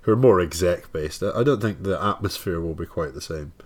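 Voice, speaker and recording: A man's voice: low voice, lively intonation, a little fast. Tired man rambling in podcast chat. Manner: tired, rambling with many fillers and restarts. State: tired from lack of sleep. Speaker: podcast co-host. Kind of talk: casual chat.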